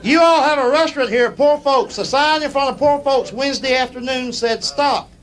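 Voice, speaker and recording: Folksy comedian on stage. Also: male voice, very high voice, a little fast, soft background music, rough recording. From United States. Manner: folksy drawl, punchy delivery. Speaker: stand-up comedian. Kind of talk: storytelling stand-up. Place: live comedy stage before a laughing audience. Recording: live show with loud crowd and noise.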